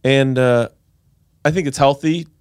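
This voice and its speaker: A man's voice: mid-range voice, measured pace, clear, resonant tone, no room sound, studio quality. A man co-hosting a comedic advice podcast, talking bluntly and jokingly with some swearing. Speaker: podcast co-host.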